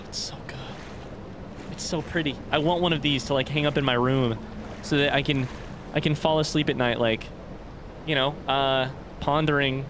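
A man's voice: medium pitch, background noise. A young man giving casual let's play commentary on a blind playthrough, swearing freely and gasping or shrieking when startled. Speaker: gaming YouTuber.

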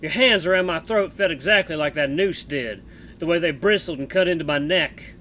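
A man voicing a gruff, foul-mouthed male bat-man with a put-on cowboy drawl, reading a visual novel aloud in a loud, blunt way. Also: on the high side, moderate pace, a little hiss or hum, pitched above the performer's own voice.

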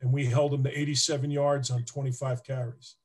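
In a mid-range voice that runs a little fast, a former football player, guesting on an interview, casually shares emotional stories. He's animated and emotional, acting the scenes out as he goes.

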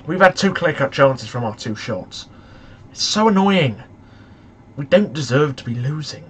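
A young man commentating on a football management game, excitable and shouting at the match in frustration. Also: a little high, a little slow, slight background noise. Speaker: gaming YouTuber.

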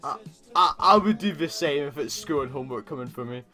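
A man's voice: fairly high pitch, expressive, brisk, pushed and bright, faint music behind. A teenage boy doing casual reaction commentary as host, stammering and repeating words, laughing often.

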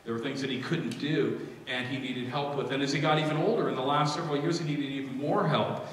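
A middle-aged man gives his father's eulogy, emotional and close to tears, with some warm laughter. His voice comes from a distance and rings through a large hall with a long echo and faint background noise. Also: mid-range voice, brisk. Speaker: eulogist son. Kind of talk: memorial eulogy. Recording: echoey hall from far off.

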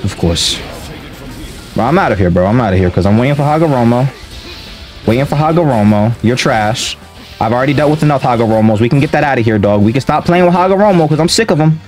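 A man's voice: mid-range voice, animated, fast, a little mellow, faint music behind. A young man giving angry gameplay commentary, ranting and trash-talking his opponents. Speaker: gaming video creator.

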